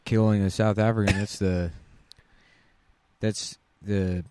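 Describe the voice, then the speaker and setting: Low-voiced rambling podcast co-host man. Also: slow pace, a little hiss or hum. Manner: rambling, hesitant, deadpan asides. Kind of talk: casual comedic banter.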